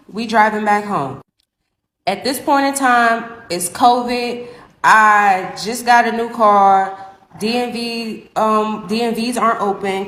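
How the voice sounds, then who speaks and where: A woman's voice: medium pitch, fairly bright tone. Slangy, confident woman in an echoey room. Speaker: content creator. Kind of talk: storytime to camera.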